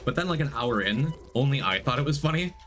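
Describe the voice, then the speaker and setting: A man's voice: medium pitch, expressive, fast, a bit bright, slight background noise. A man streaming a game, chatting casually, rambling through a story and greeting viewers by name.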